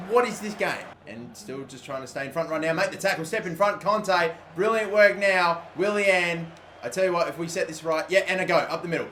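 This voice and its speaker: A young man giving live commentary over a football video game, excitable and swearing loudly at the game. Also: on the high side, slight background noise. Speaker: gaming YouTuber.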